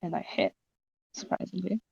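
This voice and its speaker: A woman playing a tabletop game over voice chat, playful and quick to laugh. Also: no room sound, highs cut off. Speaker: player.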